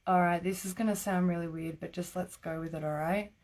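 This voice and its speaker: A woman with a somewhat low voice talks through psychic readings on a live stream. She keeps it casual and chatty, laughing often and peppering her sentences with "like". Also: fairly even intonation, a little fast, darkish tone. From Australia. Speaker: psychic reader.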